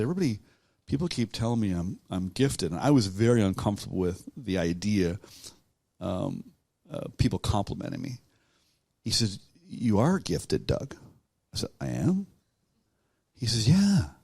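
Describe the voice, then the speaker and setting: A man being interviewed about his own life, talking in a halting, reflective way with many restarts. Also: medium pitch, a little mellow, no room sound, clean studio sound. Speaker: guest author. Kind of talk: conversational storytelling.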